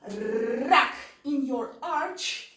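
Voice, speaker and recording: A woman's voice: high voice, lively intonation, very slow, a bit bright, a little hiss or hum. A woman teaching an online dance lesson, counting beats aloud and repeating her cues. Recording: roomy sound from far off.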